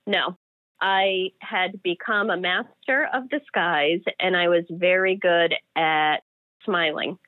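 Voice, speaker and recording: A woman's voice: on the low side, takes it slowly, dry recording. A woman telling an emotional personal story as an interview guest. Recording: dry phone-like audio.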